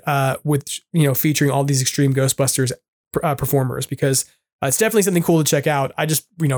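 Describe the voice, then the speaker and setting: A man from New York hosting a podcast, chatting casually in a rambling way, often restarting and laughing. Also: a little high. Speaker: podcast host.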